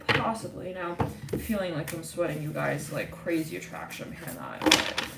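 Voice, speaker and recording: A woman's voice: fairly low pitch, big pitch swings, moderate pace, creaky. Chatty woman reading tarot in an echoey room. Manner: chatty, intuitive, frequent fillers and laughs. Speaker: tarot reader. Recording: echoey room, distant mic, loud noise.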